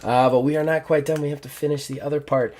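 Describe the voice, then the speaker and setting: A man running a tabletop game as game master, narrating in a casual, halting way with frequent restarts. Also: on the high side, fairly even intonation, a crowd in the background.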